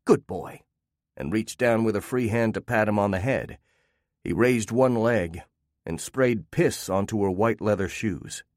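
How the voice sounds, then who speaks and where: A man with a low voice reads a first-person story aloud at an even, steady pace. The recording is dry and close, with no room sound. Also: a little slow, no echo. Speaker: narrator. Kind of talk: first-person audiobook narration.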